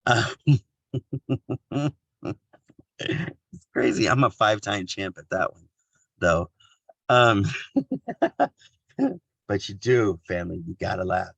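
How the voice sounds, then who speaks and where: A man's voice: lowish voice, slow, gravelly, long pauses, a bit bright, no echo. A man from Kansas giving a casual motivational talk on a video call, joking at his own expense and laughing often.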